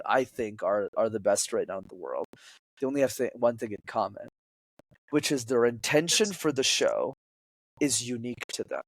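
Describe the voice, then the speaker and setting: A man's voice: mid-range voice, no room sound. A man who coaches public speaking, talking as a podcast guest and acting out quoted lines in changing voices. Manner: animated, acts out quotes in shifting voices.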